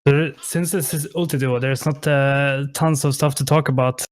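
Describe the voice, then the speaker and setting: A man's voice: mid-range voice, steady tone, normal speed, no room sound. A man casting a live online game tournament, hesitant and apologetic, with many fillers and restarts, on a headset mic. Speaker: esports caster. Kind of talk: casual live game commentary.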